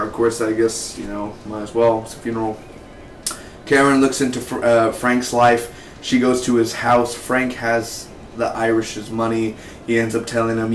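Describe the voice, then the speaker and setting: A man's voice: fairly low pitch, a little hiss or hum. A man giving a casual, rambling spoken review of a TV episode, constantly dropping "man" and "dude" into his sentences. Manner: rambling and laid-back, peppers talk with "man" and "dude". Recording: roomy echo, mic some distance away.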